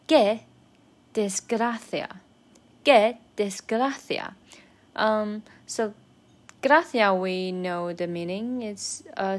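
Slow-talking woman learner explaining phrases. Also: medium pitch. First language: Chinese. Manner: thoughtful, many fillers and self-corrections. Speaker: language learner sharing lessons. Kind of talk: casual spoken lesson.

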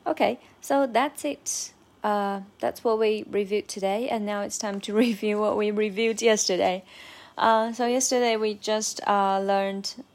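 A woman, a Mandarin speaker, leads a relaxed spoken lesson. She talks at an unhurried, deliberate pace and says each practice phrase again and again. Her voice sits at an ordinary middle pitch. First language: Mandarin Chinese. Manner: slow, patient, repeats phrases for practice. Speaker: language teacher.

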